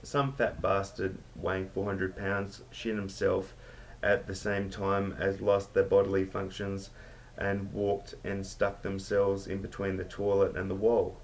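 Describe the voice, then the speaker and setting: A man's voice: deep voice, monotone, unhurried, gravelly, slight background noise. A man voicing a cheeky pub worker who tells stories as a joke. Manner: cheeky storytelling banter. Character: cheeky male Aussie pub worker, joker.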